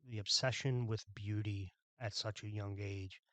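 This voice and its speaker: Man, podcast host, from Philadelphia, low-pitched, dry sound, blunt, exasperated, profane rant. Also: steady tone, a little slow, fairly bright tone, no echo.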